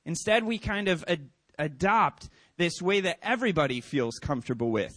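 A pastor with a fairly high voice preaches a sermon at a moderate pace, animatedly acting out the characters' lines as he tells a story. Though in a church, he's recorded dry and close with no echo.

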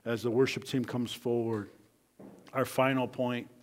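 A man preaching a sermon as pastor, swinging from loud bursts to hushed near-whispers and repeating key phrases for emphasis. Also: medium pitch, level tone, a little slow.

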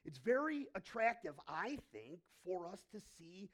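A male pastor preaching a sermon in a church, telling stories in an animated way and often restarting his sentences. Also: high voice, a little slow. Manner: animated storytelling, frequent restarts.

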